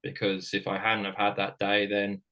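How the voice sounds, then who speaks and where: Frank, halting British-born man. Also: on the low side, completely flat delivery, sharp tone, poor audio. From Britain. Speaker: former ice hockey player and coach, guest. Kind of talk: candid personal storytelling.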